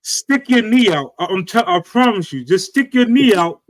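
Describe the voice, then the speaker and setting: Male co-host, high voice, stammering joker, dry close recording. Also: big pitch swings, normal speed, no echo. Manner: stammering, jokey advice. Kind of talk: casual chat.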